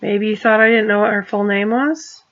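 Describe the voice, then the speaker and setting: A woman talks straight to the camera in a rambling personal monologue, often restarting her sentences. She turns pointed and accusing as she goes. Her voice sits at a middle pitch, and the recording is dull and lo-fi. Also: fairly even intonation, normal speed, a bit bright. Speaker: vlogger.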